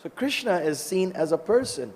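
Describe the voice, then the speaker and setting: A man giving a lively scripture class, telling stories and acting out the dialogue. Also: high voice, normal speed. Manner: animated, acts out dialogue in the stories. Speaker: scripture lecturer. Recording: long hall reverb.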